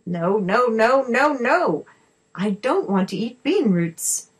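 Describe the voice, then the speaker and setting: A woman voicing a grumpy little male boggart who huffs and shouts in frustration. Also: on the low side, sing-song, normal speed, slightly rough, full character voice, low-quality recording. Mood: frustrated. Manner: huffy, stamping, shouting outbursts.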